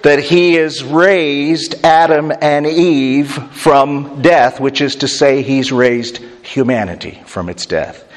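A man's voice: fairly high pitch, slow, few pauses. A male pastor teaching a sermon in a conversational, explanatory way, with chatty asides to the congregation. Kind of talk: expository sermon. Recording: long hall reverb.

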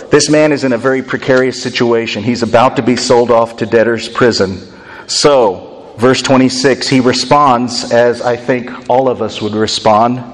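Expressive male pastor preaching, hall reverb. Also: mid-range voice. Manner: expressive storytelling, acting out voices in scripture. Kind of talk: sermon.

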